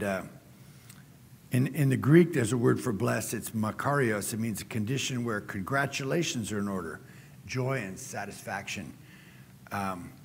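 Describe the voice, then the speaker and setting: A middle-aged man preaching a sermon as a guest speaker, telling folksy stories and getting animated when he quotes people. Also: mid-range voice, creaky, slight background noise. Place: church sanctuary. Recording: church hall reverb.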